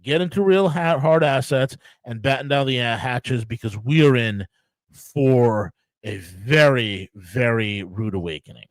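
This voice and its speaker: An American man hosts his own show, ranting angrily and profanely about politics, often restarting and repeating himself for emphasis. His mid-range voice moves a little slowly. The recording is rough, with no room sound.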